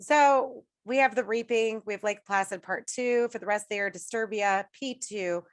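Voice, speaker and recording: A woman in her thirties, a podcast host chatting casually, a little sick and rough-voiced, restarting and laughing often. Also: a little high, normal speed, no room sound, clean studio sound. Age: 30s. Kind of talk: casual chat.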